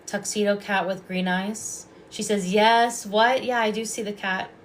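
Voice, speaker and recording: A woman giving intuitive readings on a live stream. She talks calmly and softly and often repeats her phrases. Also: mid-range voice, moderate pace, a little hiss or hum. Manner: calm, soft-spoken, repeats phrases. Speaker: psychic reader and past life regressionist.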